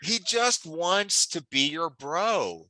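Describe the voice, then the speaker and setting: A man's voice: on the high side, lively intonation, takes it slowly, bright, forceful tone, dry recording, low-quality recording. A man co-hosting a casual wrestling chat, enthusiastic and teasing, often restarting his sentences. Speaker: podcast co-host.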